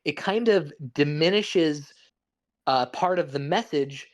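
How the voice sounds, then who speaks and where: A podcast co-host talks through a film in a loose, rambling, analytical way, restarting his thoughts often. His voice is fairly high and he takes his time.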